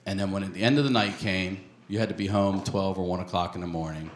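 A male stand-up comedian from the United States, telling a crude, animated story on a comedy club stage into a handheld mic. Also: sits low, quick pace, a little hiss or hum. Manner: animated storytelling, crude jokes, bursts into shouted voices. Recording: live club recording, roomy, loud audience laughter.

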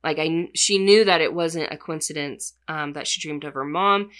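A woman hosting a podcast retells a plot in a loose, chatty way, peppering nearly every phrase with "like". Her voice sits a little low but has a bright, forward edge to it. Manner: chatty, heavy use of "like" fillers. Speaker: podcast host.

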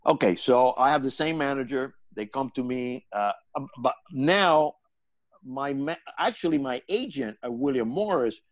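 Lively older man with Spanish accent. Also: medium pitch, moderate pace, dry recording. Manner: animated, laughing storyteller. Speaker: guest comedian. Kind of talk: casual storytelling. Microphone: video call.

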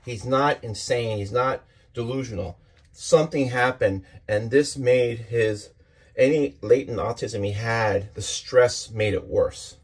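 A man's voice: medium pitch, a little slow, slightly rough. A man casually walking through a comic book issue page by page, enthusiastic and rambling, often restarting his sentences.

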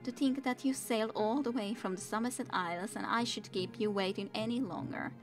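A woman's voice: on the high side, fairly quick, faint music behind, lightly acted. A woman voicing a cold, ambitious queen mother in a fantasy storybook reading, speaking in a haughty, cutting way. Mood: scheming.

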